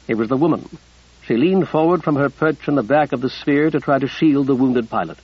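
A man with a husky, mid-range voice narrates an audiobook in a measured, even storytelling style. The recording is lo-fi with no room sound.

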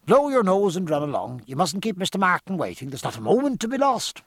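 Man putting on a fussy fatherly guy, scolding, voice pitched up and bouncy. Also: very animated, brisk, slightly rough, dry recording, clean studio sound, full character voice. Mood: fussing. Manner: fussing, scolding.

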